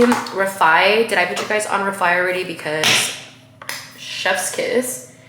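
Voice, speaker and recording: A woman chatting casually to her viewers while doing her makeup, upbeat and talkative. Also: mid-range voice. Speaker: beauty vlogger. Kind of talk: casual get-ready-with-me chat. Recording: roomy echo, faint noise.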